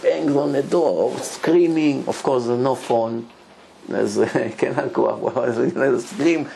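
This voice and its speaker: Animated rabbi telling stories. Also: male voice, mid-range voice, slow, gravelly, husky. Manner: animated storyteller, acts out dialogue, laughs often. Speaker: rabbi teaching a Torah class. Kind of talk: storytelling Torah lesson.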